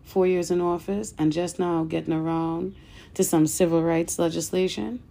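A woman with a low, gravelly voice hosts a podcast and speaks straight to her listeners. Her tone is mellow and dark. She reads aloud with earnest emphasis and stumbles now and then. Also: steady tone, normal speed. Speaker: podcast host. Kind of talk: podcast commentary and reading aloud.

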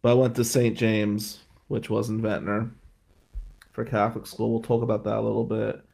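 A man's voice: on the low side, monotone, normal speed, vocal fry, darkish tone, slightly rough. A middle-aged man, an attorney hosting a show, telling stories in a profane, ranting way and sounding exhausted. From Atlantic City, New Jersey. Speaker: attorney and podcast host. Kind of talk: casual monologue.

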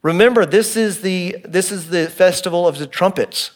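Explaining a passage in an expository sermon, this earnest, middle-aged pastor speaks at normal speed in a fairly high male voice. His delivery swings from forceful emphasis to soft, hushed stretches.

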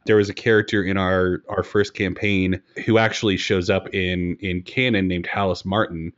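Low-voiced man, chatty game master. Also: level tone, normal speed. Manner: chatty, self-deprecating, candid. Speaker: game master and host of a broadcast tabletop game show. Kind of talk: relaxed podcast conversation. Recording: dull lo-fi recording.

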